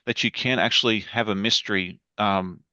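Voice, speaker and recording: A man's voice: lowish voice, fairly even intonation, moderate pace, bright, forceful tone, no room sound, lo-fi sound. A man chatting as a guest on a livestream over a video call, enthusiastic and rambling. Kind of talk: casual livestream chat.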